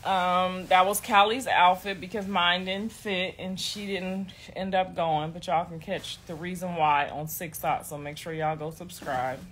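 Bright-voiced woman telling a story. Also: lowish voice, measured pace, few pauses, a little hiss or hum. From Ohio, United States. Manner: animated, profane, laughs often. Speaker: vlogger. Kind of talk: casual storytelling.

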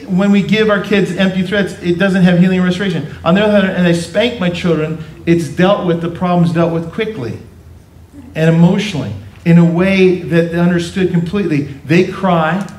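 A middle-aged pastor with a slightly high, darkish voice preaches a sermon to his congregation in a church sanctuary. He tells family stories with playful asides and acts out voices, heard from a distance with roomy church sound.

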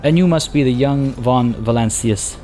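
A man's voice: mid-range voice, normal speed, mellow, soft background music, lightly acted. A man voicing a gaunt, stern old male priest with a cracked voice, reading game dialogue aloud in a solemn, sermonizing way.

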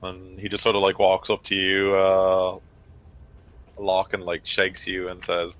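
A man's voice: low-pitched, completely flat delivery, unhurried, fairly bright tone. A man narrating as game master of a tabletop game, in a loose, filler-heavy manner, on a dull lo-fi recording.

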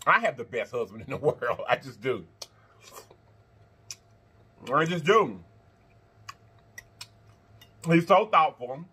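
A man hosting an eating-show vlog, chatting to viewers between bites, animated and quick to laugh. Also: mid-range voice, husky. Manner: animated, talks straight to viewers, laughs and chants; talks while eating and blowing on hot food. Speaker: mukbang host.

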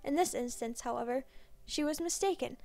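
A woman with a high, clear voice reads a dark Christmas tale with expressive storybook flair. The recording is close and dry, with soft music playing underneath. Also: brisk, no room sound. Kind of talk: scripted narration.

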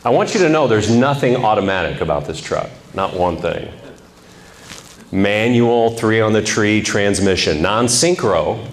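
A middle-aged man telling a humorous personal story to a men's group, with lively, animated delivery. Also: lowish voice. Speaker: speaker at a men's ministry event. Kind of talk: storytelling talk.

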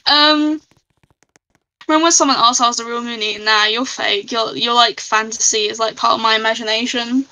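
Woman streamer, bright and giggly, casual game chat. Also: a little high, steady tone, moderate pace, low-quality recording. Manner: chatty, giggly, reads out chat. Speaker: live streamer. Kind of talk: casual live-stream chat while gaming.

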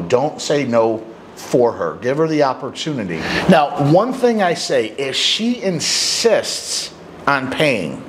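A man's voice: mid-range voice, slight background noise, low-quality recording. A middle-aged man, a dating coach, giving blunt, emphatic advice to men straight to the camera and acting out little bits of dialogue. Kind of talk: direct-to-camera advice talk.

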